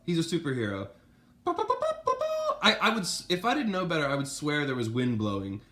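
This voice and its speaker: A man's voice: fairly high pitch, huge pitch swings, normal speed, sharp tone, faint music behind. A man filming his pet bird at home, gushing at it in baby talk. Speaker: pet owner. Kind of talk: casual home video.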